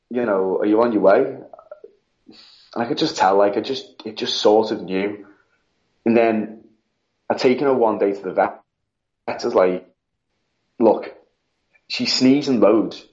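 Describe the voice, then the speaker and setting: A British man, a podcast guest in a casual interview, speaks through grief, rambling and quoting the people in his story. His lowish, slightly mellow voice moves at a measured pace with long pauses. The audio is dull and lo-fi.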